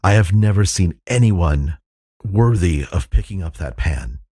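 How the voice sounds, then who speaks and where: A man voicing a stout, pompous master chef who speaks in slow, grand proclamations. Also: deep voice, expressive, mellow, slightly rough, no room sound, clean studio sound, full character voice. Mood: awed.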